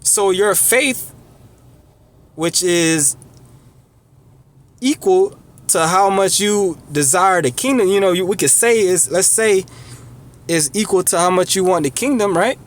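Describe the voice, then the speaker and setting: A man's voice: sits high, measured pace, pauses often. A man preaching an earnest, conversational sermon who repeats himself and checks in with his listeners.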